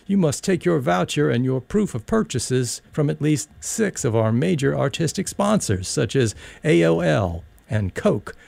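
Brief: man as a stern young usher, officious and rule-bound, dark gravelly voice. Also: a little high, very animated, measured pace, few pauses, no room sound, heavily acted. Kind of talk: audiobook reading.

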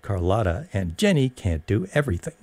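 A man's voice: fairly low pitch, sing-song, a little fast, a little mellow, no room sound. A man voicing a stern, nagging middle-aged mother who scolds sharply. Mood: scolding.

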